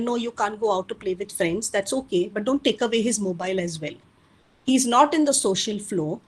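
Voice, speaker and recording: In a webinar, a woman lectures parents earnestly and speaks to them directly with advice. Her mid-range voice has a darkish tone and a breathy edge, and the recording is low quality.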